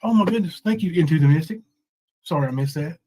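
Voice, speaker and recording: In a rough recording, a man in his forties hosts a casual livestream, talking fast in a slightly high, animated voice with a dark tone. He rambles about his troubles, reads out chat names, and breaks into mock crying bits.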